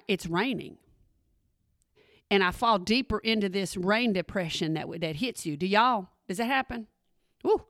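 A middle-aged woman, hosting a podcast and chatting with her listeners, calling them y'all. Her voice is a little hoarse, with an occasional frog in her throat. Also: medium pitch, dry recording, studio quality. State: slightly hoarse, clearing throat. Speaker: podcast host. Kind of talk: casual chat.

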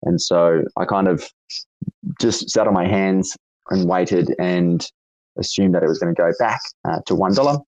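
A man with an Australian accent and a raspy voice, hosting a casual audio chat and asking long, rambling questions with lots of fillers. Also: sits low, normal speed, darkish tone, no room sound, low-quality recording. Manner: rambling, self-correcting questions with frequent fillers. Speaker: host. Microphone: online audio chat room.

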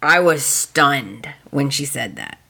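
A woman hosting a podcast, casually retelling soap opera scenes in an animated way and acting out the characters' lines. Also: very deep voice, takes it slowly, gravelly, slightly rough. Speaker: podcast host.

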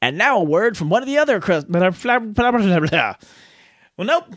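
A man's voice: sits high, big pitch swings, moderate pace, a bit bright, no echo, clean studio sound. A man hosting a podcast, stumbling over his words and joking about his own mistakes in a casual outtake. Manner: flustered, tongue-tied, laughing at his own slips. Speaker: podcast host.

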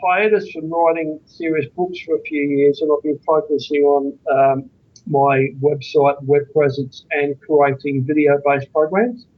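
On a dull lo-fi recording, a man whose voice leans high talks a little slowly with fairly even intonation. As a guest author on out-of-body experiences, he rambles earnestly through a long anecdote in a podcast interview.

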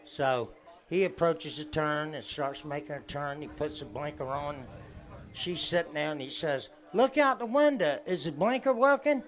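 A man's voice: on the high side, fairly bright tone. A man telling folksy jokes to a live crowd, laughing at his own punchlines. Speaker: guest joke teller.

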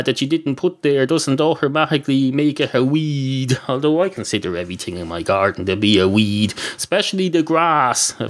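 A man hosting a podcast, rambling through a deadpan comic monologue full of tangents and filler words. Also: medium pitch. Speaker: podcast host.

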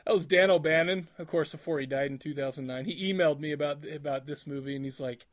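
A man's voice: fairly high pitch, quick pace, slight background noise. A man co-hosting a podcast in casual chat, joking and laughing often. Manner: laughs often, jokey and animated. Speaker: podcast co-host.

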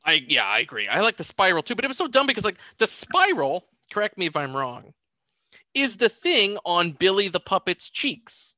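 A man hosting a casual film review podcast, animated and joking, quick to laugh. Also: sits high, dry recording. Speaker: podcast host.

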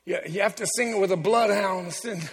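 A man preaching a sermon in a church, exuberant and joking with the congregation, building up to shouts. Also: high-pitched, a little fast, in a large hall. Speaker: pastor.

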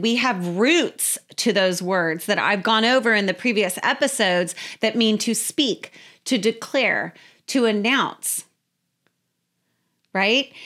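A woman giving a casual, animated Bible teaching who often repeats her phrases. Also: mid-range voice.

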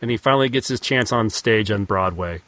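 A man co-hosting a podcast, summarizing a film plot in a relaxed, halting way. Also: on the low side, dry recording. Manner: laid-back, halting with restarts. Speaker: podcast co-host. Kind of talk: casual film review chat.

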